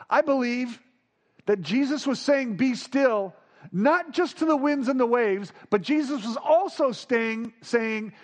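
High-voiced man preaching a sermon.

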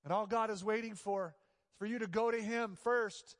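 Male pastor, sermon, storytelling delivery, emphatic repetition, high voice, long reverb. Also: steady tone, moderate pace.

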